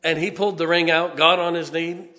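A man, preaching a sermon in a folksy storytelling way, with punchy asides and slow, stressed points. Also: a little high, level tone, pushed and bright. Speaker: pastor. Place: church sanctuary. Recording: long church reverb.

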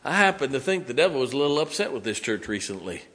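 Bright-voiced folksy preacher man. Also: medium pitch, sing-song, fast talker. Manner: folksy, joking and blunt. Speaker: pastor. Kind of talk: sermon.

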